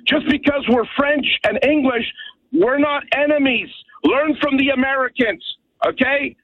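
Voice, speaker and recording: A man's voice: very high voice, unhurried, dry recording. A man from Montreal calling in to a radio show, ranting emphatically and rambling, often asking "okay?". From Montreal, Canada. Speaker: caller. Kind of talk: call-in radio rant. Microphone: telephone. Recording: tinny dry phone line.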